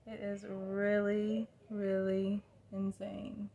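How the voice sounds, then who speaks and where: A woman's voice: mid-range voice, monotone, drawn-out words, gravelly, mellow, dull audio. Chatty young woman with a drawl. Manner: chatty, rambling, self-deprecating. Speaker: vlogger. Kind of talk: casual get-ready-with-me chat. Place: at home by a mirror.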